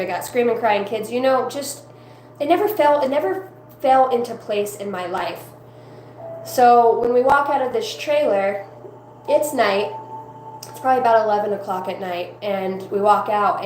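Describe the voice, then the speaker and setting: A woman telling a personal spiritual testimony in a rambling, profane, excitable way. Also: mid-range voice. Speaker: evangelist. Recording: roomy echo with faint hum.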